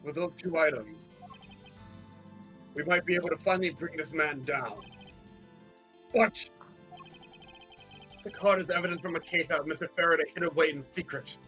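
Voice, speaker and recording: A man voicing a stern young male prosecutor in a measured, earnest reading of game dialogue. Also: fairly high pitch, pushed and bright, soft background music. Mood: serious.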